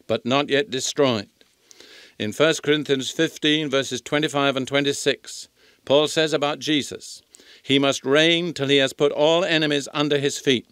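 An older man teaching the Bible in a sermon, reading scripture slowly and emphatically. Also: mid-range voice, fairly bright tone, smooth, dry recording, studio quality.

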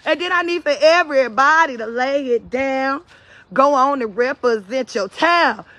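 A woman's voice: high-pitched, moderate pace, sharp tone, no room sound. A woman with a North Carolina accent, ranting to her followers in a profane, defiant live-stream vlog. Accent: Southern US, North Carolina. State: out of breath at times. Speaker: social media vlogger. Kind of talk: unscripted live-stream rant.

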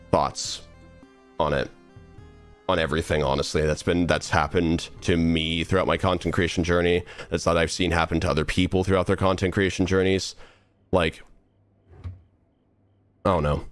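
A man's voice: low-pitched, measured pace, long pauses, faint music behind. Earnest young man rambling on stream. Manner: rambling, earnest, many restarts and trailing asides. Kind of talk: casual live-stream monologue while gaming.

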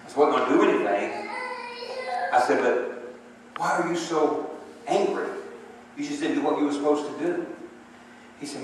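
A man's voice: a little high, moderate pace, long pauses, a little hiss or hum. A man preaching a sermon, moving between emphatic calls for response and conversational storytelling. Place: church sanctuary. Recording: echoey hall from far off.

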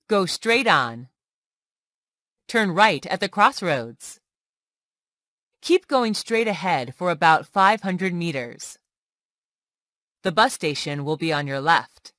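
A woman reads everyday English phrases aloud as a language lesson. Her delivery is slow and deliberate, and her pitch rises and falls a lot from line to line. The recording is dry and close. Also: very animated, a bit bright, dry recording. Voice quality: slow, clearly enunciated phrase reading. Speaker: English tutor. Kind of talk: reading example phrases for learners.

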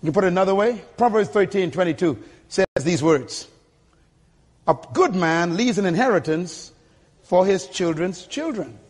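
An older man preaching a sermon to a church congregation with a husky voice, emphatic and calling for responses. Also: high voice, animated, normal speed. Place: church sanctuary.

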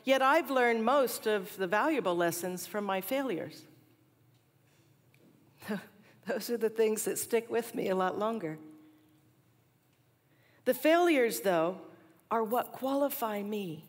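Woman in her forties, chapel speaker with lively storytelling; long reverb from a big hall. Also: mid-range voice, slow pace, pauses often. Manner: animated storyteller, laughs at herself.

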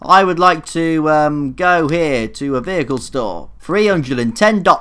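A man's voice: a little high, animated, moderate pace, sharp tone, clear, resonant tone. A young man commenting casually on his own gameplay, flustered, swearing a lot and mocking himself. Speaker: gaming YouTuber. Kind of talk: casual let's play commentary.

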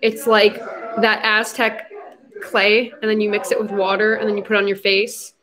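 A woman's voice: medium pitch, little pitch movement, moderate pace, a bit bright. A young adult woman hosting a casual livestream, chatty and giggly, slipping into baby talk with her puppy. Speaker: livestream host.

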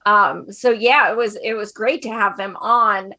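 A woman's voice: mid-range voice, steady tone, unhurried. A woman co-hosting a casual online chat, laughing often and telling stories with feeling. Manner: laughs often, warm storytelling. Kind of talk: casual chat on a video call.

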